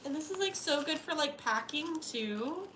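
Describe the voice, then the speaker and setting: A woman's voice: high voice, animated, normal speed, roomy sound. Gushing young woman on a noisy stream. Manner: gushing, gasping, breathy squeals of delight. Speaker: livestreamer. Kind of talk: casual live-stream unboxing chat. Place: home at night. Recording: noisy home stream audio.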